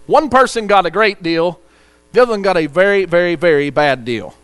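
A man's voice: high-pitched, expressive, a little fast, a bit bright, clean tone. A man preaching a sermon, earnest, reading scripture aloud and telling a story to the congregation.

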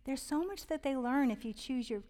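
A woman with a fairly high voice speaks earnestly and warmly about raising children in faith, rambling with fillers and restarts. She now and then sinks to a soft whisper, and her voice trails into a long hall reverb. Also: lively intonation, moderate pace. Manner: earnest and heartfelt, drops to a whisper on tender points. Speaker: Christian parenting speaker. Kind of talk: casual devotional talk on parenting.

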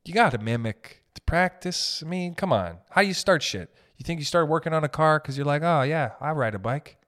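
A man ranting casually as a podcast host, profane and animated, swinging between loud bursts and muttered asides. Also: fairly high pitch, brisk. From raised in an Italian family. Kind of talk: casual comedic rant.

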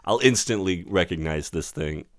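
A man co-hosting a casual movie review podcast, animated and laughing often as he talks. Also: deep voice, moderate pace, no room sound, studio quality. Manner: animated, laughs often, breaks into joke accents. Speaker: podcast co-host.

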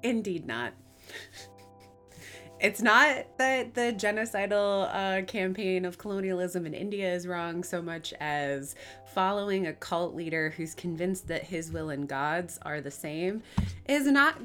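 A woman with a somewhat low voice talks through a book with her co-host in a relaxed, wry manner. Faint music sits in the background. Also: unhurried. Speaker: podcast co-host. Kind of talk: casual discussion.

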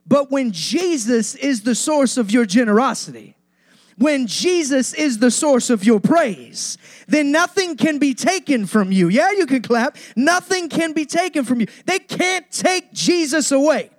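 A man with a high, bright-sounding voice preaches to his congregation, hammering his lines through repetition and climbing emphasis. The sound is close and dry, with no room around it. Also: animated, unhurried, no room sound. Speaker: pastor. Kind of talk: sermon.

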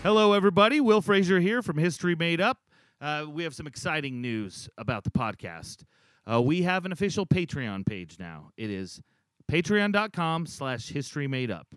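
A man hosting an improv comedy podcast, bantering with loud, exasperated outbursts and reading the show's announcements. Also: on the high side, sing-song, moderate pace, no echo, faint music behind.

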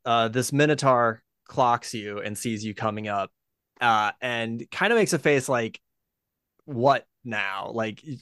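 A man's voice: medium pitch, a bit bright, clear, resonant tone, no room sound, studio quality. Hesitant male game master. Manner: rambling, hesitant with fillers. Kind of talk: narrating a tabletop game.

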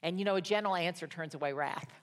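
An older woman leads a Bible study like a sermon. Her voice sits a little low, and her storytelling drops to a hush before it rises into rousing calls. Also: quick pace. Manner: storytelling, swings from hushed to rousing. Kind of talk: sermon-style teaching.

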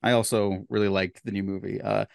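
A man's voice: fairly low pitch, flat delivery, fairly quick, gravelly, no room sound. A man co-hosting a podcast, chatting casually with dry jokes and the odd swear. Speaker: podcast co-host. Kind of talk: casual chat.

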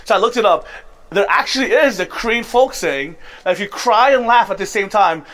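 A man's voice: sits high, expressive, a little fast, fairly bright tone. A man preaching a sermon to his congregation, conversational and emphatic, sometimes laughing at himself. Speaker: pastor. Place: church service.

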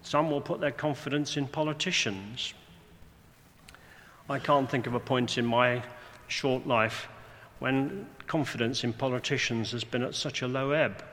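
Male preacher, bright forceful voice, measured sermon delivery, dry asides, long hall reverb, faint room noise. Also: mid-range voice, fairly even intonation. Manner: measured, slowing for emphasis, dry wry asides.

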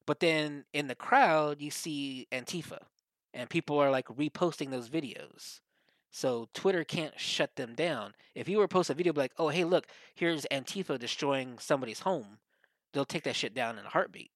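A man, co-hosting a casual podcast chat, rambling and profane, getting animated when he quotes others. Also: on the high side, normal speed, dry recording. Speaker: podcast co-host.

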